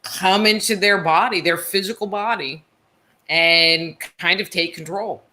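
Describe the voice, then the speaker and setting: A woman guest author on a radio interview, explaining ideas in relaxed casual talk. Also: lowish voice, a little slow. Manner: relaxed, explanatory, fills with "you know".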